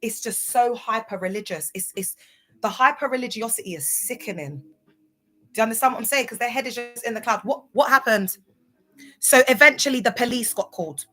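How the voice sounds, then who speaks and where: A woman's voice: on the high side, fairly quick, sharp tone, soft background music. A woman speaking out in a casual vlog monologue, impassioned, sometimes spelling out words letter by letter. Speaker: former church member speaking out.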